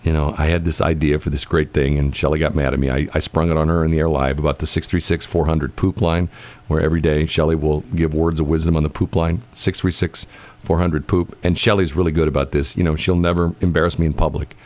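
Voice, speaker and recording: Deep-voiced joking radio host man. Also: little pitch movement, fast, a little mellow. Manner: rambling storyteller, teasing and jokey. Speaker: radio morning show host. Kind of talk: radio morning show banter.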